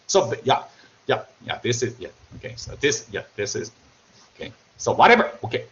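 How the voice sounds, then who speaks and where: Male lecturer, Korean accent, highish voice, lively jokey delivery, dull lo-fi online class sound. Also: moderate pace, slight background noise. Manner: joking, animated, repeats himself. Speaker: university lecturer. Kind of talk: remote university lecture.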